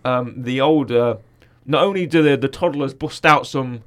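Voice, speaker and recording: A man's voice: mid-range voice, normal speed. A man from the United Kingdom hosting a casual film chat and eagerly recounting scenes from the film. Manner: chatty, recounts scenes with quotes. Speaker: film podcast host.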